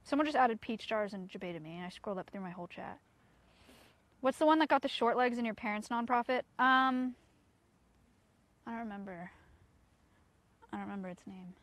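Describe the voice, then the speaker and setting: This young streamer and sanctuary owner chats with her viewers outdoors and coaxes her goats and other animals. Her medium-pitched voice is fairly bright, a little fast, and full of frequent pauses, in a dry recording.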